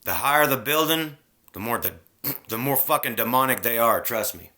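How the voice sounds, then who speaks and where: A man's voice: mid-range voice, lively intonation, moderate pace, sharp tone. A man in a casual spiritual rant, heated and preachy, swearing freely.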